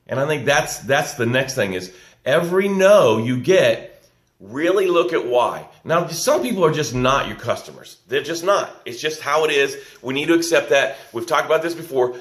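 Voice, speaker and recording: A man's voice: mid-range voice, animated, moderate pace. Echoey live-stream business coach, man. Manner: encouraging, folksy, repeats key lines for emphasis. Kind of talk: live-stream talk reading viewer comments. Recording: echoey room.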